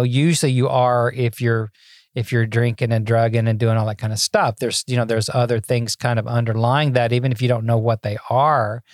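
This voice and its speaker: A man's voice: mid-range voice, no room sound, studio quality. A man in his sixties, a podcast guest, telling his life story in a folksy, self-deprecating way, often repeating words as he starts a thought. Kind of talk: casual interview storytelling.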